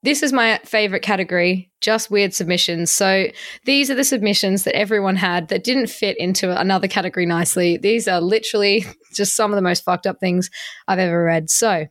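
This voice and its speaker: A woman's voice: medium pitch, a little fast, no room sound, clean studio sound. A woman co-hosting a casual chat, reading out listener submissions and laughing often. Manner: giggly, laughs often, animated. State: sober, going through a breakup.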